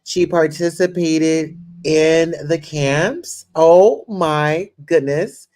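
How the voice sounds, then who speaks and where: Slow, effusive woman hosting a livestream. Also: low-pitched, darkish tone. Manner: effusive, hypes up a friend, frequent "you know" and "listen here". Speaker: host. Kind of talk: casual livestream chat.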